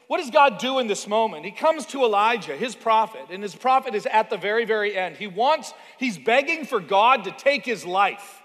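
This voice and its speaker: A man's voice: sits high, a bit bright. A man preaching a sermon as pastor, in a conversational way with asides and stories from his own life. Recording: long reverb of a large hall.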